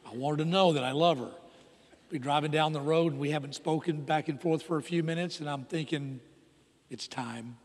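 A middle-aged man preaching a sermon as a pastor, moving between hushed, intimate lines and loud, emphatic preaching. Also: fairly high pitch, fairly even intonation, fairly quick. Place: church sanctuary. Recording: long reverb of a church hall.

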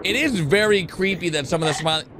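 Excitable high-voiced man narrating animations. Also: fast, noisy background. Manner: excitable, animated, repeats "oh no" and "dudes". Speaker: YouTuber reacting to animations. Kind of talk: excited reaction commentary.

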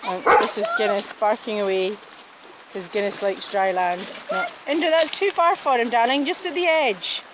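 A woman filming her dogs by a river in the woods and chattering to them in an excited, cooing running commentary on a handheld camera. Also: medium pitch, moderate pace. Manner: excited, coos and calls to the dogs. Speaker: dog daycare owner walking dogs. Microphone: handheld camera she is filming with. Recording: noisy outdoor river recording.

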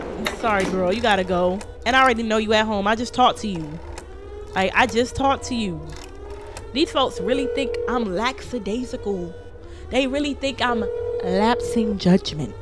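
A young woman commentates a game live for her stream, loud and profane in her reactions. Her voice sits a little high, and faint music plays behind her. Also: lively intonation, unhurried.

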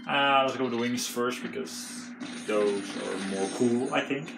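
A young man doing let's play commentary, excitable, swearing and breaking into panicky outbursts. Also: medium pitch, measured pace, vocal fry. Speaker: gamer. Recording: roomy room with game music.

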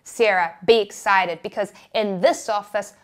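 A woman's voice: medium pitch, steady tone, measured pace, voice pushed down, close to an everyday voice. A woman with a New Zealand accent voicing a breezy, jokey male office boss. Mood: jovial. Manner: breezy, reassuring.

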